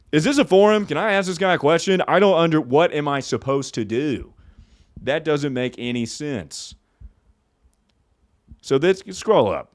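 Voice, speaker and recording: A young man hosting a comedy podcast, riffing casually and laughing often between loud bits and mumbled asides. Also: medium pitch, no room sound, studio quality. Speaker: podcast host.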